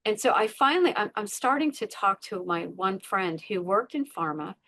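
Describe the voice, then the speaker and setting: A woman's voice: mid-range voice, lively intonation, moderate pace, sharp tone. A middle-aged woman, a podcast guest, sharing a personal story in conversation with earnest emphasis, repeating words and acting out her inner voices.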